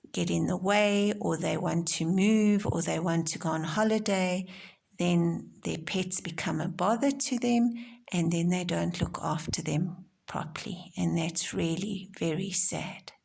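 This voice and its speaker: A woman teacher giving a recorded home-learning lesson to young children, explaining gently and simply. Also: on the low side, creaky. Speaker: primary school teacher.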